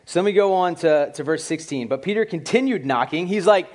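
Pastor, male, somewhat high voice, chatty and animated delivery, addresses the congregation directly. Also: a little fast, few pauses. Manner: casual and animated, with lots of "like" and asides to the congregation. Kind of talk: conversational sermon.

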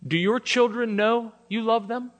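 A man preaching a sermon, shifting between soft, intimate lines and emphatic declarations. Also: very high-pitched, measured pace. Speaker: pastor. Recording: long hall reverb.

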